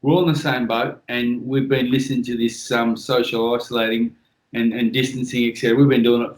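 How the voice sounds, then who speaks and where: A man's voice: medium pitch, level tone, fairly quick, roomy sound, rough recording. A man from Western Australia with an Australian accent, chatting casually on a podcast as a guest, blunt and swearing freely. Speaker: guest, former world boxing champion.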